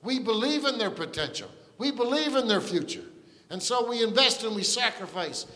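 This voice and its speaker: A man's voice: very high-pitched, lively intonation, moderate pace, sharp tone. A man preaching a sermon as pastor, earnest and conversational, with asides and restarts. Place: church sanctuary. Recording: long church reverb.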